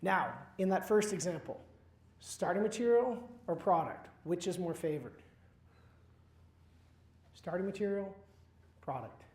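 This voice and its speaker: A man's voice: high-pitched, animated, moderate pace, darkish tone. A man giving a university chemistry lecture, quizzing his students with questions and dropping wry asides. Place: lecture hall. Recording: roomy lecture hall echo.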